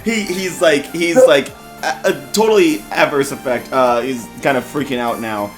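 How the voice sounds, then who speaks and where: A game master narrating a tabletop role-play game in a relaxed, casual way, full of ums and likes. Faint music plays in the background. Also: medium pitch, normal speed. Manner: casual, hesitant narration with many fillers.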